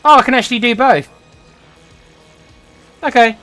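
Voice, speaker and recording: A man's voice: very high voice, moderate pace, fairly bright tone, soft background music. A man in his forties commenting on his own strategy game play, sarcastic and grumbling at the game. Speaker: gaming channel host.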